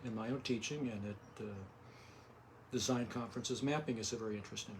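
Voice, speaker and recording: An older man talks about his art in a small home studio, with a mid-range voice. He speaks quietly and tends to trail off and restart his thoughts. A faint hum of the room sits under him. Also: medium pitch, brisk. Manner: soft-spoken, trails off and restarts. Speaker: artist guest. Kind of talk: casual interview.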